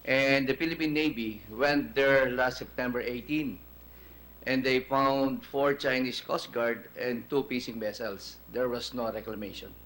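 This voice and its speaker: A man, a government undersecretary giving careful, halting testimony at a hearing. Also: medium pitch, steady tone, fairly bright tone, a little hiss or hum, poor audio. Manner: halting, careful, filler-heavy. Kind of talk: formal testimony.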